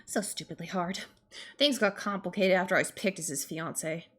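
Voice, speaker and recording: A woman's voice: fairly low pitch, normal speed, fairly bright tone. A woman streaming a game, reading its narration aloud and chatting playfully with laughter.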